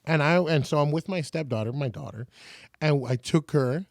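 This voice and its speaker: A man's voice: a little high, moderate pace, dry recording, studio quality. A man in his forties from San Antonio, a radio personality telling stories as a podcast guest and acting out other people's lines. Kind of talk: casual storytelling.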